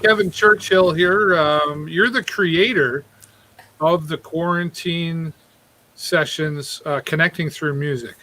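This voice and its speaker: A man's voice: on the high side, steady tone, takes it slowly, bright, forceful tone, poor audio. A man hosting a live music show, chatting and joking with his co-host and greeting viewers by name. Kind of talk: casual live show chat.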